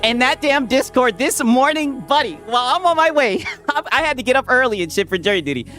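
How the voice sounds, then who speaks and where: Male streamer, casual chat host, very expressive pitch, habitual "right?", faint background music. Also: a little fast. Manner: animated, repeats "right?" constantly, reads chat shout-outs.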